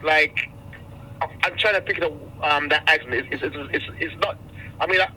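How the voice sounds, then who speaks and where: A man's voice: a little high, fairly quick, sharp tone, a little hiss or hum, rough recording. A male radio host who interviews a guest, often stumbling and repeating his words.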